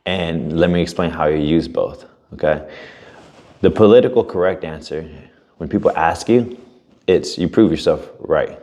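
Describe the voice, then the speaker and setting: A man's voice: sits low, moderate pace, darkish tone, dull audio. A young man co-hosting a podcast, casual chat with a fired-up, profane motivational drive. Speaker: podcast co-host.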